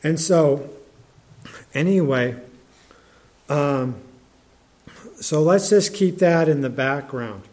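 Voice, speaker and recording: A man preaching a sermon in a conversational, halting way, with many restarts and fillers, and reading scripture aloud in older English. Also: on the high side, darkish tone.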